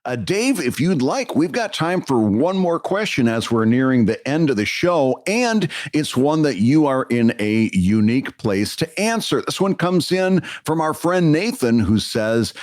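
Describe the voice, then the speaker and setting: A man's voice: mid-range voice, big pitch swings, a little slow, few pauses, darkish tone, dry recording, clean studio sound. A middle-aged man co-hosting a podcast in casual chat, reading out listener questions and answering with short agreeing replies. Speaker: podcast co-host.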